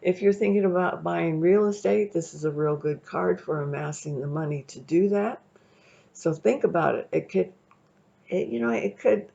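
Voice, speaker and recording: Gravelly-voiced woman reading tarot. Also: deep voice, a little mellow. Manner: chatty, rambling, checks in with "okay?". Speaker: tarot reader. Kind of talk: casual tarot reading to camera. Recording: dull lo-fi recording.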